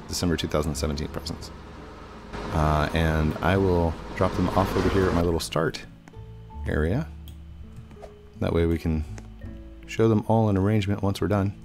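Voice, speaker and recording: Low-voiced man narrating gameplay. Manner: easygoing, hesitant with frequent ums and uhs. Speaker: gaming channel host. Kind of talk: casual gameplay commentary.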